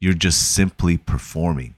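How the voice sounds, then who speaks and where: A man's voice: sits low, unhurried, dry recording. A man talking casually on his own podcast, telling a story with conversational asides and short chuckles. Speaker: podcast host. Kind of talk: casual solo podcast monologue.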